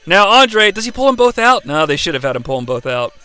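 A man hosting a live watch-along of a wrestling match, calling the action in an excitable, profane way. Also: high voice, quick pace, clean tone, dry recording. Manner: excitable, profane, yelling play-by-play. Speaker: host.

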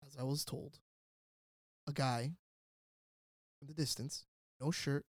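A man telling a wild story in casual chat, animated and swearing, shouting out the lines he quotes. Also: medium pitch, slow, breathy edge, dry recording, studio quality. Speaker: podcast guest storyteller.

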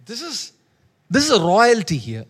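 A man's voice: high voice, wildly swooping pitch, normal speed, fairly bright tone. A male preacher who gives a sermon in an emphatic way, repeating phrases and calling on listeners to respond. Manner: emphatic, repeats lines, calls for audience response.

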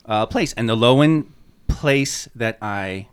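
Male podcast co-host, slow, smooth resonant voice, hesitant with fillers, lively pitch. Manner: hesitant, halting with many "uh"s. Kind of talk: casual chat.

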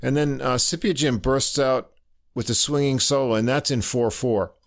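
A man giving a casual spoken review of a jazz album, halting with many fillers and little chuckles. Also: medium pitch, fairly even intonation.

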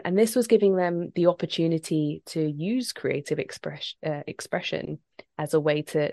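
A woman poet talking in a radio interview, articulate, with the odd "um". Her voice is low for a woman, and the recording is dry and close. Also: darkish tone, dry recording. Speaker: poet, guest.

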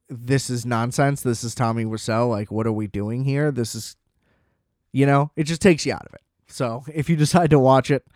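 A man's voice: medium pitch, darkish tone, no room sound, clean studio sound. A young man casually reviewing a TV series in a rambling monologue, with lots of filler words and profane asides. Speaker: show reviewer.

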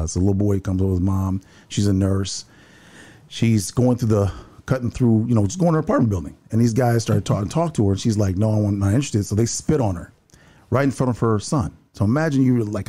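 A man who works building security speaks rapidly in a lowish, warm, husky voice. He earnestly tells a story in conversation, often repeating words as he starts sentences.

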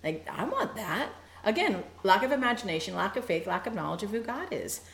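A woman teaching a Bible study, animated and playful, acting out quoted lines with quick asides. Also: mid-range voice, vocal fry, echoey room.

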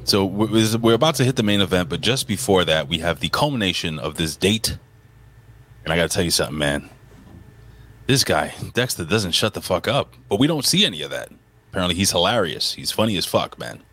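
A man co-hosting a wrestling review podcast, talking casually with lots of swearing and animated banter. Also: sits low, fairly quick. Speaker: podcast co-host.

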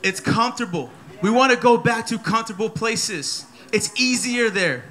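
A man in his thirties preaching a sermon at a church service, energetic and playful, repeating his key phrases. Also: high voice, normal speed. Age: 30s.

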